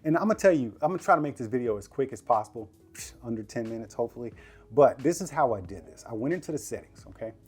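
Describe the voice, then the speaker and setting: This casual product review vlog has a man speaking quickly and animatedly in a medium-pitched, darkish voice. Reviewing a TV at home in his living room, he uses slang, talks straight to the audience, and laughs a lot.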